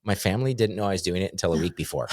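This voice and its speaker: Man, middle-aged, lowish voice, dry close sound, animated storyteller, laughs a lot. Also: very fast, dry recording. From North Idaho. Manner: animated storyteller, laughs often, acts out dialogue. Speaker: guest, keynote speaker. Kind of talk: casual podcast chat.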